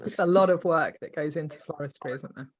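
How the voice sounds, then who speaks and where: Fast-talking woman podcast host. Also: deep voice, slightly rough. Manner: friendly and upbeat, jokes at her own stumbles. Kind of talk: casual podcast interview.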